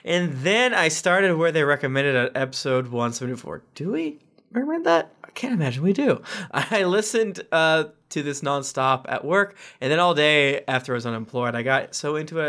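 A man with a fairly high-set voice reads listener reviews on his podcast. He keeps it loose and casual, cutting in with jokey asides and little chuckles between the quotes. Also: animated, a little fast, bright, forceful tone. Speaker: podcast host.

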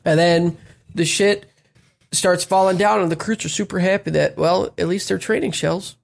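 Gravelly laid-back man recapping. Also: sits high, fairly even intonation, normal speed. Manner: laid-back, plot-summarizing, wry. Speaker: podcast co-host recapping an anime. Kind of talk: casual recap chat.

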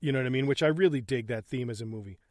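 A man co-hosting a casual film commentary podcast, animated and joking crudely, laughing often. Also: medium pitch, very fast, no echo, studio quality. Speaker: podcast co-host.

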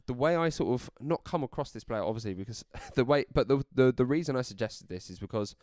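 A man's voice: medium pitch, animated, fast talker, darkish tone, no echo, studio quality. A man hosting a football podcast in casual, rambling chat. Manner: chatty, rambling with restarts and laughs. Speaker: podcast host.

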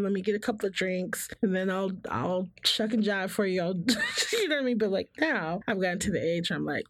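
A woman's voice: lowish voice, animated, brisk, husky, no echo. A woman talking candidly about her family and herself, laughing often and mimicking other people's voices. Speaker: guest. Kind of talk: candid personal conversation.

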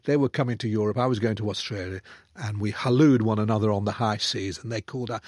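An older man, a guest, telling a self-mocking anecdote with theatrical swings between loud and hushed delivery. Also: on the low side, fast, dry recording, studio quality. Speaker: guest author. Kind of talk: storytelling anecdote in conversation.

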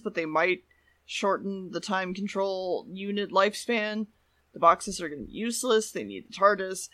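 A man casually rambling through an episode plot summary as a podcast co-host, his phrases trailing off low. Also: bright, forceful tone, no room sound. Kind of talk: casual recap chat.

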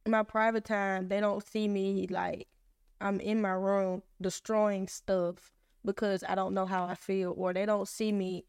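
A young woman hosts a casual faith podcast, candidly sharing personal stories and acting out both sides of each conversation with animated energy. Her medium-pitched voice is clear and resonant, with a measured pace. The recording is clean studio sound with no room echo.

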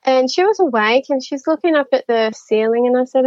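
A woman, a nurse, chatting as a guest and telling her stories in a lively way, laughing often and acting out what people said. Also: high-pitched, a little fast, hardly any pauses, no echo. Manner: animated, laughs often, acts out quotes. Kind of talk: casual storytelling chat. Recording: slightly dull lo-fi audio.

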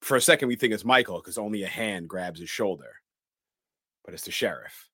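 Podcast guy walking thru a movie scene by scene, lowish voice, dry mic, does little character voices. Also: lively intonation, a little fast, bright, forceful tone, breathy edge, no echo. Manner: narrates scenes dramatically, quoting characters in shifted voices. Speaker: podcast co-host. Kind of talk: movie recap podcast chat.

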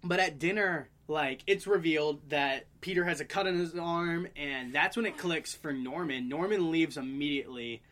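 A woman co-hosting a casual podcast, recapping a movie and slipping into quick character impressions as she laughs along. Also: low-pitched, fairly bright tone. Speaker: podcast co-host.

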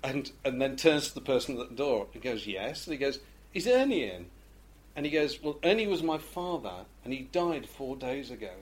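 A man's voice: medium pitch, brisk, few pauses. A man co-hosting a podcast, chatting casually and telling jokes with a chuckle. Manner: animated storyteller, chuckling. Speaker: podcast co-host.

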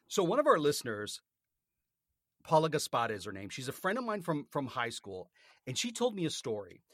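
A man co-hosting a podcast, from North America, rants indignantly through a story in casual conversation, swearing without restraint. His voice is a little high with huge pitch swings at normal speed. It's a studio-quality recording with no echo.

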